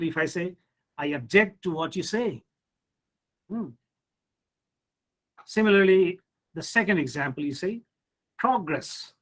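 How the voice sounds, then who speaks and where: A man's voice: high-pitched, a bit bright, rough recording. A man with an Indian English accent teaching an online pronunciation lecture, explaining step by step and asking rhetorical questions. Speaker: professor.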